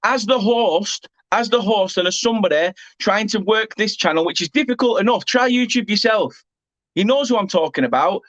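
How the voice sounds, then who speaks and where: A man's voice: sits high, normal speed, a bit bright, no room sound, muffled recording. A man with an English accent who hosts a football fan channel, ranting angrily and swearing while repeatedly apologising. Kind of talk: angry rant to camera.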